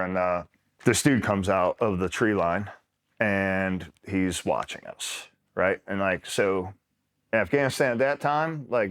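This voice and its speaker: A man, a retired Marine, telling combat stories in a casual, laughing way and acting out what others said. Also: lowish voice. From New York. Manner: laughing, animated, acts out quotes. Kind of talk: casual storytelling.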